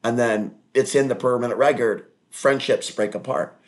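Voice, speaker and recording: A man's voice: medium pitch, steady tone, normal speed. A man hosting his own online talk show in a rambling, crude, digressive monologue with mocking asides.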